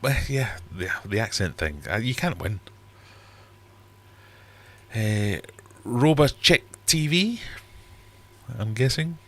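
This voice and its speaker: Deep-voiced chatty Geordie man. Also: big pitch swings, slow pace, long pauses, a bit bright. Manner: rambling, chatty, reads out comments. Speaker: livestream host. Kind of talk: casual livestream chat. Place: home fish room.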